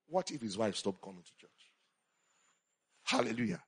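Animated pastor preaching. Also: male voice, on the high side, moderate pace, gravelly, breathy edge. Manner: animated preaching, swinging between loud exclamations and quiet asides. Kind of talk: sermon.

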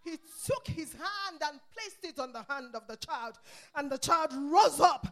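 High-voiced woman preaching fervently. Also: expressive, measured pace. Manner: impassioned, swings from hushed to shouting; speaks in tongues between phrases. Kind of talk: sermon.

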